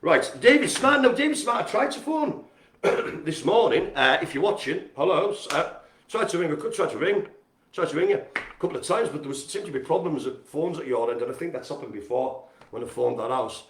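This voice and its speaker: A man's voice: on the high side, lively intonation, a little fast, slight background noise. Chatty, jokey man hosting a live stream. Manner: chatty, jokey and self-mocking. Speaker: host of a community centre's live stream. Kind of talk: casual live-stream chat with shout-outs. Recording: roomy echo.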